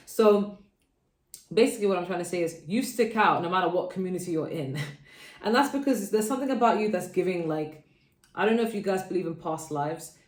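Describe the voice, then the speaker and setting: A woman's voice: on the low side, darkish tone, echoey room. A young adult woman from London with a London accent, giving a casual, rambling tarot reading to camera. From London, England. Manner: chatty, rambling, with fillers. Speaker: tarot reader.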